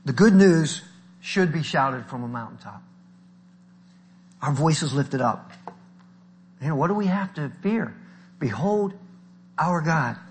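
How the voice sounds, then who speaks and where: A man's voice: a little high, expressive, takes it slowly, long pauses. A man preaching a sermon in an earnest manner, now and then stopping to correct himself.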